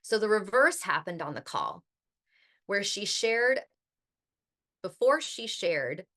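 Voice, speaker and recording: A woman's bright, forceful voice at medium pitch swings widely as she talks slowly. She hosts a podcast, delivering a loose, talkative monologue full of "like," with a curse slipping in now and then.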